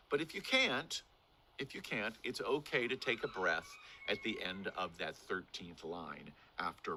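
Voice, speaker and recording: A lively older man teaches how to speak verse, his fairly low voice carrying a bright, forceful edge. He demonstrates as he goes, letting his pitch swing up and down to make a point, with a faint hush of room noise behind him. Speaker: acting teacher.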